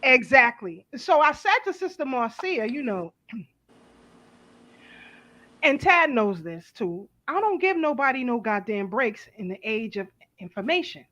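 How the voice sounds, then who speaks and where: A middle-aged woman, hosting a casual panel talk, blunt and animated, swearing freely. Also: fairly high pitch, unhurried. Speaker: host.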